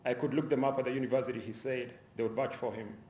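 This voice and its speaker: In a university lecture hall, an author gives a public reading of his own crime novel, keeping a measured, steady pace and occasionally restarting a phrase. His mid-pitched voice echoes through the roomy space over a faint hum from the hall.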